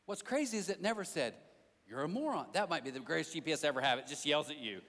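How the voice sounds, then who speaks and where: High-voiced pastor preaching in a reverberant hall. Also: male voice, rapid-fire. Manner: animated storytelling with self-deprecating jokes; talks directly to the crowd. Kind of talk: sermon. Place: church auditorium.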